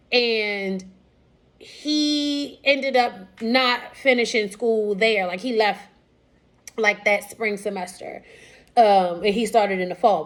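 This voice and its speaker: Woman, 30s, fairly high pitch; candid storytelling with restarts and fillers. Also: a bit bright. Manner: casual, candid, many fillers and restarts, quoting others. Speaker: vlogger sharing personal story.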